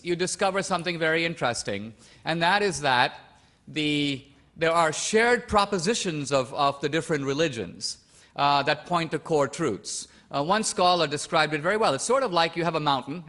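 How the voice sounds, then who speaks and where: A man's voice: on the high side, a bit bright. A man from India arguing a point in a formal stage debate, insistent and full of pointed questions. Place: debate stage before a live audience.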